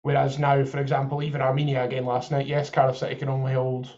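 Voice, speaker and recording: A man's voice: mid-range voice, monotone, quick pace, darkish tone, muffled recording. A man co-hosting a podcast, chatting about football and thinking aloud with examples. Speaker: podcast co-host. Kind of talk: live football watchalong chat.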